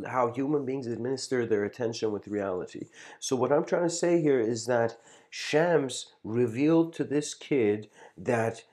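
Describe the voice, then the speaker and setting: A man's voice: mid-range voice, a little mellow. A man giving a livestreamed spiritual lecture, telling a story in a rambling way with many restarts and "you know"s.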